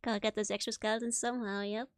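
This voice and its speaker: A woman's voice: on the high side, flat delivery, very fast, no echo. A woman streamer giving casual, chatty game commentary into a close microphone, with frequent little giggles.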